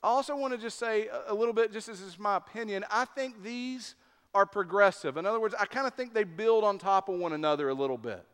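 Guy preaching slow n emphatic, high clear voice, long hall echo. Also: fairly bright tone. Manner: deliberate, emphatic preaching with pauses. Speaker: pastor. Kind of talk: sermon.

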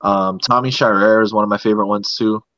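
A man's voice: on the low side, fairly even intonation, fast, fairly bright tone, no echo, muffled recording. A man hosting a casual podcast chat, rambling and repeating his words as he talks. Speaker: podcast host.

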